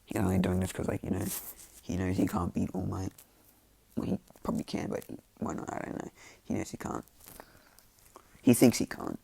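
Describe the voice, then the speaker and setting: Deep gravelly man rambling casually. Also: flat delivery, fairly quick, mellow, no room sound. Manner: rambling, filler-heavy, loose and offhand. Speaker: fan storyteller. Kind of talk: casual spoken fan-fiction retelling.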